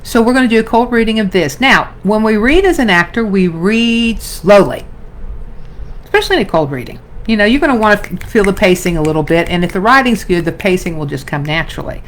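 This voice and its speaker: A woman's voice: medium pitch, expressive, fast, hardly any pauses, a little hiss or hum. A middle-aged woman acting coach teaching an online class in a chatty, self-interrupting way, calling her viewers "you guys" and "darling".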